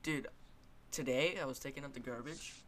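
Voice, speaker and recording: A man's voice: medium pitch, normal speed, a bit bright. Young male podcast host, loose and joking, noisy home recording. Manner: rambling, joking, with frequent fillers. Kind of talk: casual chat.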